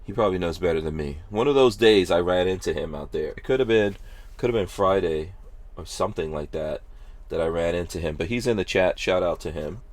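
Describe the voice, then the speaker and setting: A man's voice: low voice, fairly quick. A man hosting a podcast in casual chat, rambling along with lots of hedges and restarts. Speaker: podcast host.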